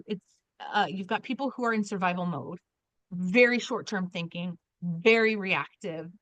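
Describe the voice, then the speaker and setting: A woman leading an online workshop over a video call from home, chatty and quick to laugh, with many restarts. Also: medium pitch, sharp tone, no room sound. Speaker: trainer.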